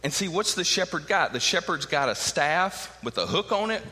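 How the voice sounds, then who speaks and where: Middle-aged pastor preaching, bright ringing voice, long echo off the hall. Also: male voice, fairly high pitch, expressive, normal speed. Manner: emphatic preaching with rhetorical questions. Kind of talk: sermon.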